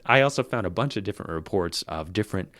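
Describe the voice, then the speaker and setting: Lower-voiced man telling history casually. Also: quick pace, dry recording. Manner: animated, reads old newspaper quotes with relish. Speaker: podcast host. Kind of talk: casual storytelling about history.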